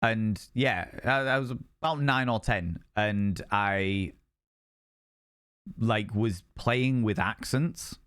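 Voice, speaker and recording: A man's voice: lowish voice, takes it slowly, a bit bright, clean tone, dry recording, clean studio sound. Rambling man on a stream. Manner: rambling and chatty, repeating phrases. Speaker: game streamer. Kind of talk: casual live-stream chat with viewers.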